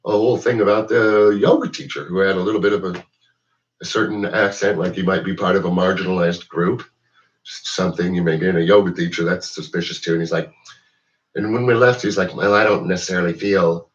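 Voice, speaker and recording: Low-voiced man ranting off mic. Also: brisk, far from the mic, lo-fi sound. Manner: rambling, profane, heavy with "like" and "you know". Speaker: host. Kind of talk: rambling political rant.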